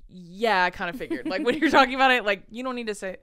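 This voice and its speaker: Smooth-voiced young woman telling a story. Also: on the high side, fast. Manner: animated storytelling, swearing, frequent laughter. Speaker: podcast co-host. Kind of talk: casual chat.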